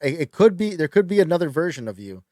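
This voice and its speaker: A man from New York co-hosting a podcast, bantering in an excitable, profane, teasing way. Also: fairly high pitch, fast, no echo, studio quality. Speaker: podcast co-host.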